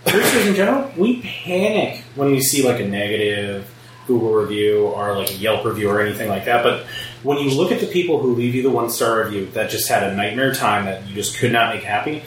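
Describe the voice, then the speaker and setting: A man's voice: on the low side, fairly quick, a little hiss or hum. Brief: easygoing male producer in casual chat, far from the mic with heavy room echo. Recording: very echoey, distant mic, faint ambience.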